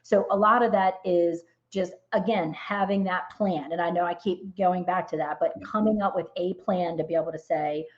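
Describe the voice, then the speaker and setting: A woman's voice: fairly low pitch, fairly even intonation, moderate pace, few pauses, dull audio. A middle-aged woman, a financial advisor, talking earnestly over a video call and telling stories from her clients. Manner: earnest, storytelling. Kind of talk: webinar conversation.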